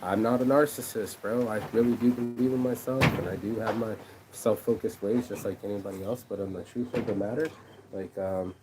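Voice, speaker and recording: A man's voice: lowish voice, steady tone, a little fast, heavy background noise. A man delivering a rambling, aggrieved vlog monologue, swearing freely and circling back on his own words. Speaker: vlogger and shirt designer. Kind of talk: casual venting monologue.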